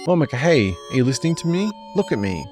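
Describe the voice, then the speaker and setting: A bold teenage schoolgirl in a horror game urges her friends on in a raised, coaxing voice, as a man puts her on. Loud game music runs underneath. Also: medium pitch, big pitch swings, fast, pitched above the performer's own voice, close to an everyday voice. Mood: urgent. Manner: urgent, coaxing.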